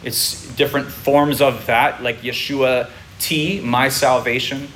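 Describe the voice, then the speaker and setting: A man's voice: mid-range voice, flat delivery, unhurried, fairly bright tone, slight background noise. A man preaching to his congregation, explaining patiently and checking in with his listeners. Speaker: pastor teaching a congregation. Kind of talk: sermon. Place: congregation room.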